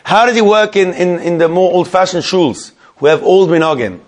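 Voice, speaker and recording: A man with a bright, high voice leads a Torah study class. He reads a legal text aloud phrase by phrase and translates each line. He keeps the group engaged with questions and quick praise.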